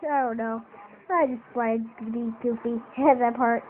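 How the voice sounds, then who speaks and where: High-voiced woman chatting goofily about her puppet, tinny phone-like audio. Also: steady tone, measured pace, a little hiss or hum. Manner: playful, self-mocking. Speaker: puppet maker. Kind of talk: casual homemade craft video.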